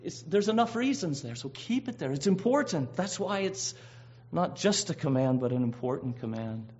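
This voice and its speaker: A man's voice: fairly high pitch, very animated, normal speed, darkish tone. A man preaching a sermon, earnest and emphatic, drawing out key words and often restarting his phrases. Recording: dull lo-fi recording.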